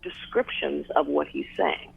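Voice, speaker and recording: A woman guest on a talk radio call-in, making her points in numbered order in a measured way. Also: rumbling low, wildly swooping pitch, creaky, husky. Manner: measured, lists points one by one. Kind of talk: phone interview on talk radio. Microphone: telephone. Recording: tinny phone line.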